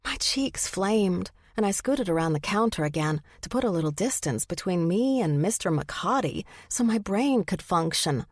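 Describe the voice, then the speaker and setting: A woman narrating a first-person audiobook, expressive in the character's flustered lines. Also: mid-range voice, moderate pace, few pauses, no room sound, studio quality.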